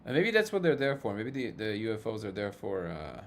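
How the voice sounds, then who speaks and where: A man's voice: on the low side, big pitch swings, fairly quick, slight background noise. A man hosting a casual livestream, reading viewer comments aloud and joking with a frequent chuckle. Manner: jokey, chuckles often between remarks. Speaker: livestream host.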